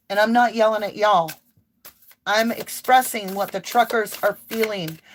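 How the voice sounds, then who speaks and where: A tarot reader delivers a spiritual monologue, impassioned and preachy, packed with emphatic declarations. Her voice is a little high and a bit bright.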